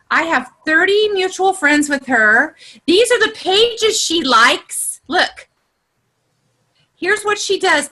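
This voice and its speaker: A woman giving a casual online training session over a video call, chatty and exclamatory, her voice climbing high whenever she gets excited. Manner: chatty and exclamatory, with many "look" and "you know". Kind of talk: casual instructional talk.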